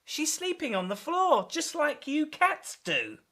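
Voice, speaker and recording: A woman presenter reading a storybook aloud to children, expressive and emphatic. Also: high voice, unhurried.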